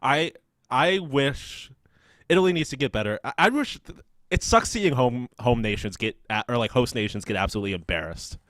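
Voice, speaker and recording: A man's voice: medium pitch, expressive, brisk, fairly bright tone, dry recording, clean studio sound. A man co-hosting a casual sports podcast, rambling and swearing with many restarts. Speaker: podcast co-host.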